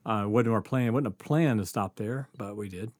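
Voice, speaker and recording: A man's voice: lowish voice, moderate pace, dry recording, clean studio sound. A man telling a casual story on a podcast, full of fillers, swearing and laughter. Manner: animated, laughs often, lots of fillers and swearing.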